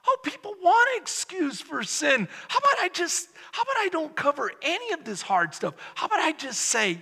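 Male pastor, sermon delivery, forceful and tense tone, gravelly edge, long hall reverb. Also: very high-pitched, sing-song, fairly quick, hardly any pauses. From Texas. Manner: emphatic, rhetorical, mock-quotes opponents. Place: church sanctuary.

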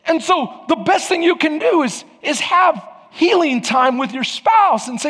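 A man preaching a sermon as pastor, animated, swinging from loud emphatic bursts to low quiet passages. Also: normal speed, few pauses. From Latin American heritage. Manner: animated, rises to near shouts then drops low. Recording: hall reverb.

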